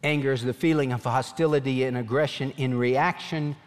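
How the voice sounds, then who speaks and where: A man preaching a sermon as a pastor, animated, voicing God's questions in a pleading tone. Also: medium pitch, brisk, long reverb tail.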